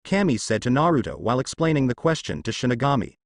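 A man narrating a fan-fiction story aloud in an animated way. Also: mid-range voice, fast talker, vocal fry, dry recording, studio quality. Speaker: fanfiction narrator. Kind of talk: story reading.

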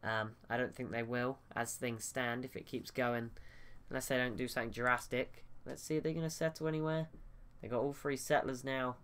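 A man's voice: medium pitch, fairly even intonation, moderate pace, few pauses, fairly bright tone, smooth. A man giving casual, thinking-aloud commentary over a strategy game, often restarting his sentences. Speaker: gaming YouTuber.

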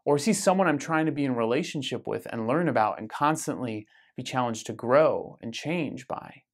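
An American man with a mid-range voice leads a weekly parish Bible study at a moderate pace, animated as he explains scripture. His teaching is casual and conversational, with frequent ums and self-corrections.

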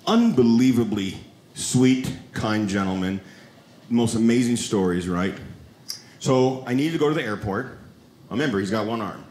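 A man doing a stand-up comedy set on a club stage, telling stories with animated delivery and high shouted quotes. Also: moderate pace, echoey room, a little hiss or hum. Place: comedy club stage before a live audience.

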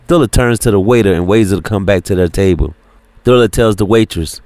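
A man narrating an audiobook in a steady, plain reading. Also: lowish voice, fairly quick, no room sound. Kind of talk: scripted narration.

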